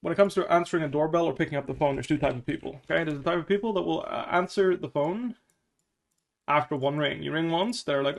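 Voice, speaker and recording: A man's voice: on the high side, quick pace, creaky. A man coaching a player through a game review in casual talk, blunt and swearing a lot, acting out little scenes.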